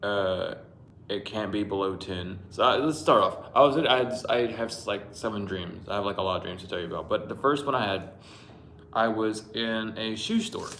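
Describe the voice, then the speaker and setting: A man's voice: lowish voice, a little fast, fairly bright tone, echoey room, slight background noise. A man casually telling his dreams on a livestream, rambling and swearing, laughing often and greeting viewers by name. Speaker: livestream host reading dreams. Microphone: Bluetooth mic.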